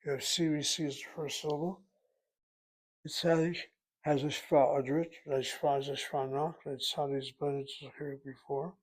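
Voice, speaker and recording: A man giving a recorded Hebrew grammar lesson, walking through words slowly and methodically, thinking aloud as he goes. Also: on the high side, little pitch movement, slightly rough, rough recording. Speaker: Hebrew teacher.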